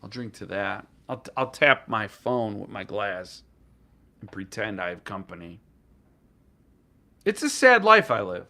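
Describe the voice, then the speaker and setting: A man's voice: on the low side, sing-song, a little slow, long pauses, bright, forceful tone. A man hosting a casual live stream about books, rambling and joking as he reacts to chat comments. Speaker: booktuber host.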